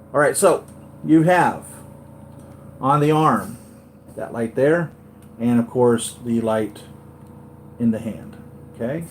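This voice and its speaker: A man hosting a live toy unboxing, gushing and excitable, often repeating himself. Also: medium pitch, slight background noise. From United States. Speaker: toy collector vlogger.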